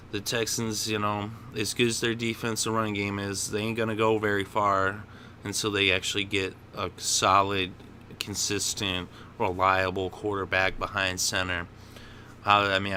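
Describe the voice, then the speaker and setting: A man hosting a football picks show talks through the week's games in a lowish voice with a bright, forceful edge. He is opinionated and easily worked up into a rant. Faint background noise sits under his voice. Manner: opinionated, gets worked up and ranting. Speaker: sports picks host. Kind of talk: solo sports commentary.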